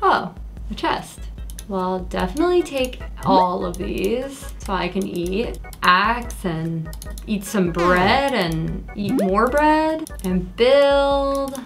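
A young woman giving casual, excitable commentary while playing a video game for the first time, yelping at enemies. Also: mid-range voice, takes it slowly, music in the background. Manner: excitable, yelps and scolds at enemies. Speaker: gaming creator. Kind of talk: casual let's play commentary.

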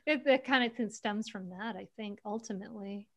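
A woman author talking casually as a guest on a video call interview, animated and laughing often as she tells stories. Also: medium pitch, brisk.

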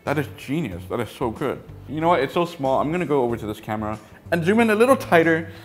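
A man reviewing a toy set in a casual, excitable way, often trailing off into quiet mumbles. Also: medium pitch, quick pace, soft background music.

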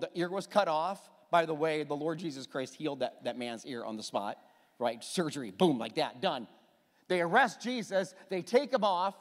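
A middle-aged man preaching a sermon as pastor, telling the story with lively restarts and repeated words. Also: fairly high pitch, long reverb tail. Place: church hall.

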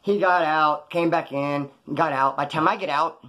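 A man's voice: fairly high pitch, steady tone, normal speed, pushed and bright. A man telling his own prison and street stories in a slangy, profane way, acting out the people he quotes. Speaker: former inmate telling his story. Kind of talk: casual storytelling.

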